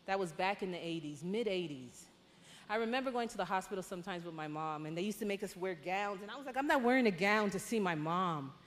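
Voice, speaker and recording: A woman from Panama giving a lively, conversational testimony at a women's conference, with sudden excited outbursts. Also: medium pitch, fast. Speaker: conference speaker. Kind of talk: testimony talk. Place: large church hall. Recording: hall reverb.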